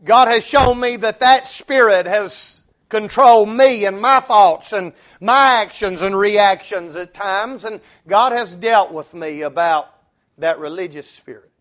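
A man's voice: a little slow, a bit bright. A male preacher, delivering a sermon and telling a story with rising intensity. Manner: storytelling, rising in pitch and force for the punchline.

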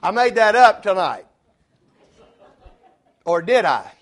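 A male preacher with a slow, sing-song voice tells a story during his sermon. His pitch and force rise as he builds toward the punchline.

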